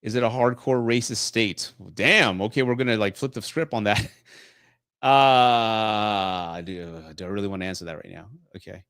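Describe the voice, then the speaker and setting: A man's voice: lowish voice, normal speed, a bit bright, smooth, dry recording, studio quality. A man in his late forties from Texas, hosting a casual live stream Q&A, swearing freely and laughing often. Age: 40s. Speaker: host.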